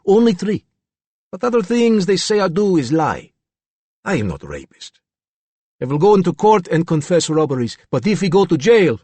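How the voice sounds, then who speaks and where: A harsh, hostile Eastern European man, put on by a male narrator, talking in slow, broken English with a thick Slavic accent. The husky voice swings widely in pitch and sounds close and dry. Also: a little mellow, no room sound. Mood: defiant. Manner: slow, menacing, clipped.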